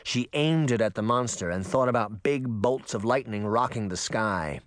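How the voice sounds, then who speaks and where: A man narrating an audiobook with expressive, dramatic storytelling. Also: on the low side, moderate pace, no room sound, studio quality. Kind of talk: audiobook reading.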